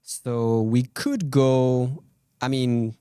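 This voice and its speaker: A man's voice: medium pitch, drawn-out words, dark tone, clear, resonant tone, no room sound, studio quality. A man hosting a live game stream, chatting casually about gameplay and answering viewers' questions. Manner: laid-back, rambling, fillers, answers chat. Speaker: stream host.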